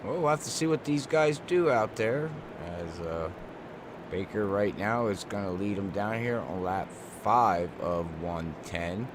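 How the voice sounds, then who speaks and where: A man's voice: fairly low pitch, measured pace, background noise. A man commentating a sim race, laid-back but lifting when the racing heats up. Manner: laid-back, rises with excitement at race action.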